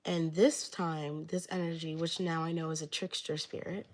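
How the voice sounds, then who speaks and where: A young woman giving readings on a livestream tells a story in a rambling, casual style, slipping "like" into nearly every phrase. Her voice sits low with little pitch movement, at a moderate pace.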